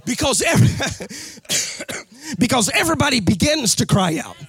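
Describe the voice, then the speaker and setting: Man, preacher, sermon, husky, sing-song shouting cadence. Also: extremely high pitch, sing-song, unhurried.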